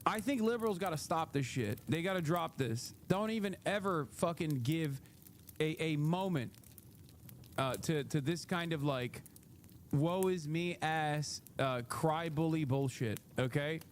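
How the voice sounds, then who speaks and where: A man's voice: a little high, a little slow, a little hiss or hum. A man hosting a livestream, giving casual commentary in a heated, profane rant, often laughing. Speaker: livestream host.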